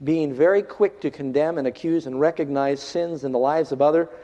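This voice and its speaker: A man delivers a sermon in a fairly high voice, rising to loud, emphatic lines and then dropping almost to a hush. The sound is dull and carries a long hall reverb, as in a church. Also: brisk. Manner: preaching with big swings from raised outbursts to hushed lines. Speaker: pastor.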